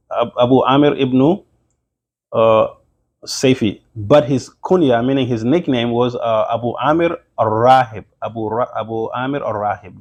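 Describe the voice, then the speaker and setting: A man's voice: medium pitch, darkish tone. A man giving an informal religious history lesson, talking conversationally with many fillers and restarts. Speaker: religious teacher.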